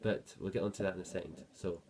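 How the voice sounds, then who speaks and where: Low flat-voiced male guitar teacher. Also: quick pace, a little hiss or hum. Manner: counts beats aloud, relaxed explanations with fillers. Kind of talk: music lesson. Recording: guitar playing behind voice.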